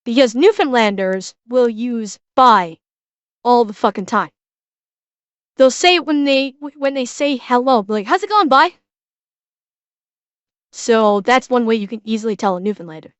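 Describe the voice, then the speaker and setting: A woman's voice: on the high side, normal speed, smooth, no echo. A woman streamer reacting to a video in casual live commentary, blunt and swearing freely, often restarting her sentences.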